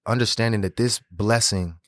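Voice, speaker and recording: A man in his thirties, a podcast guest, telling animated, slangy, profane stories in casual conversation. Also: lowish voice, moderate pace, no room sound, studio quality. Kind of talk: casual storytelling interview.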